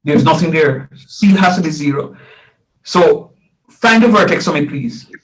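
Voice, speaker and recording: A man's voice: a little high, lively intonation, unhurried, low-quality recording. A middle-aged man teaching a live math lesson, repeating phrases and quizzing his students as he explains.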